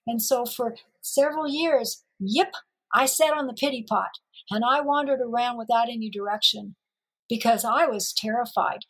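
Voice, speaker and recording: Woman from Missouri, high voice, slightly husky, lively storyteller, acts out dialogue. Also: rough recording. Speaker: interview guest. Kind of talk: personal storytelling in an interview.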